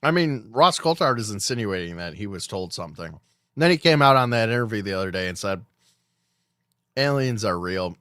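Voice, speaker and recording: A man's voice: on the low side, animated, brisk, pushed and bright, dry recording, clean studio sound. A man hosting a casual podcast, musing aloud about news in a conversational, trailing way. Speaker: podcast host.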